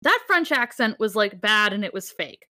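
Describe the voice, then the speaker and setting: Podcast co-host, woman, bright voice, dry close sound, rambling and eager. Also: medium pitch, sing-song, normal speed, no echo. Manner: enthusiastic, rambling, laughs often. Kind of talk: casual chat.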